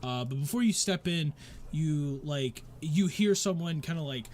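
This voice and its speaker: A man's voice: fairly high pitch, animated, unhurried, a little mellow. A man narrating as game master of a tabletop game, rambling with many fillers and restarts.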